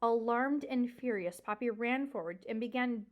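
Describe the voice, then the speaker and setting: A woman's voice: a little high, normal speed, highs cut off. A woman reading a children's novel aloud, expressively, and pointing out the pictures. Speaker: reader.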